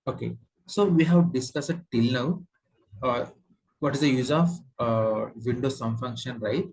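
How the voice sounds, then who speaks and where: A man with an Indian English accent teaching a software tutorial, explaining step by step with frequent fillers and repeats. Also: mid-range voice, normal speed, husky, rough recording. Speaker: software trainer. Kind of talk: screen-share tutorial lesson.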